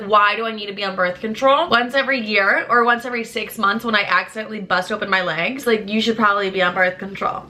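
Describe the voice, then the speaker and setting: A woman in her twenties chatting candidly to camera, blunt and chatty, swearing freely as her pitch swings up and down. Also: sharp tone. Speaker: lifestyle creator. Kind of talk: candid casual chat to camera.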